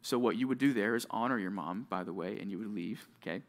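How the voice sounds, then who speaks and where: A young man preaching to junior high students, telling stories and acting out short scenes, with sudden swings from loud to hushed. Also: quick pace. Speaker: youth pastor. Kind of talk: youth sermon.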